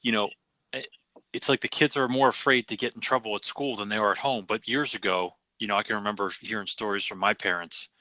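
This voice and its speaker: Male podcast host, low bright punchy voice, dry close sound, quick supportive interjections. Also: fairly even intonation, no room sound, low-quality recording. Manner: brief encouraging interjections. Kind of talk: casual interview.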